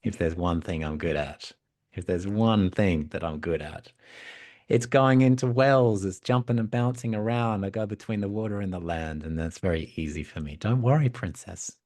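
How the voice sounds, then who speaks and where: A man voicing a cheerful, eager male talking frog in a fairy tale retelling, with a bright, coaxing, bouncy delivery. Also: medium pitch, very animated, slow, pauses often, no echo, clean studio sound, voice pushed up, exaggerated voice.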